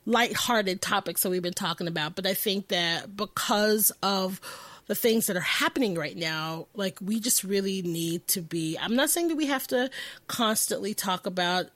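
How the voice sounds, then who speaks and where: A woman hosting a podcast, talking in a profane, animated and rambling way, often laughing and correcting herself. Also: medium pitch, no echo. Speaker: podcast host. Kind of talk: casual podcast monologue.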